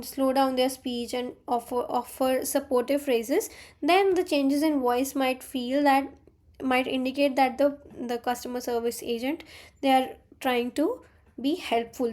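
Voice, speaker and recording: A young woman talks through quiz answers as a teaching assistant in a live online session. Her voice sits high, and she explains patiently, often stopping on "uh" and restarting a phrase. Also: a little mellow. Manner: explanatory, with frequent fillers and restarts.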